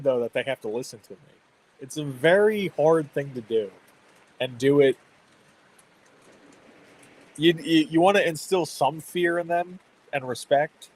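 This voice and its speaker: A man's voice: fairly high pitch, a little mellow, slight background noise, low-quality recording. A man in his thirties hosting a stream, chatting casually about parenting and laughing often. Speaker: livestream host. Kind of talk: casual chat.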